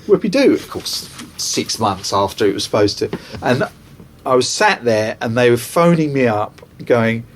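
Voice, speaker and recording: A man's voice: mid-range voice, sing-song, moderate pace, a little hiss or hum. A man, a record producer, casually telling anecdotes in an interview and acting out other people's voices.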